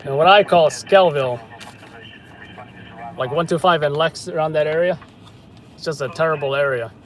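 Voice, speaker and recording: A man's voice: fairly high pitch, normal speed. A man hosting a live news stream, chatting casually in a rambling, hesitant way with lots of fillers.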